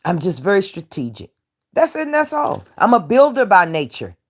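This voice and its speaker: A woman's voice: medium pitch, sing-song, moderate pace. A woman from the United States, hosting a casual commentary rant in a brash, taunting way and laughing often. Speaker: YouTube commentary host playing a judge.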